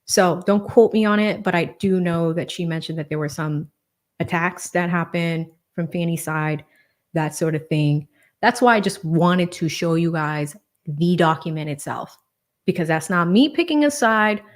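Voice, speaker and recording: A woman's voice: on the low side, moderate pace. A woman in her thirties from Boston with a Boston accent, chatting casually on a livestream and reading viewer comments. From Boston, USA. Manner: chatty, animated, many fillers, reads viewer comments. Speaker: livestream host.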